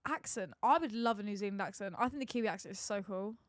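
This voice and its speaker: A woman co-hosting a podcast in casual chat, excitable and giggly, talking quickly. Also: medium pitch, no echo, studio quality. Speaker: podcast co-host.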